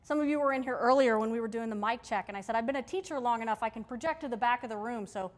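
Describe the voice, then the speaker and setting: A woman's voice: fairly high pitch, very fast. A woman giving a live workshop talk to a room, conversational and emphatic, often checking in with her audience. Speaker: workshop presenter. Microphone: handheld or stage mic.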